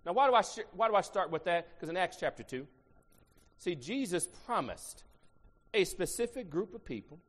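A middle-aged man from Ohio preaches in a fairly high voice with an Ohio accent. He jumps from shouts down to quiet asides and keeps calling on the crowd to answer back. The sound rings with a long reverb, as in a big church hall. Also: lively intonation, normal speed. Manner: dynamic, swinging from shouts to low asides, call-and-response. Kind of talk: sermon. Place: church sanctuary.

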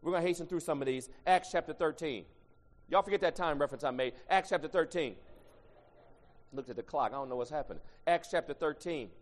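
A male pastor preaching a sermon, swinging from quiet asides to loud shouted lines. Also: fairly high pitch, quick pace. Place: church sanctuary. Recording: long church reverb.

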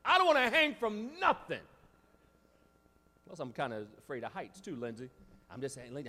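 A man preaching a sermon, swinging between loud, shouted climaxes and quiet asides. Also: a little high, very animated, normal speed, pauses often. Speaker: pastor. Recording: long reverb of a large hall.

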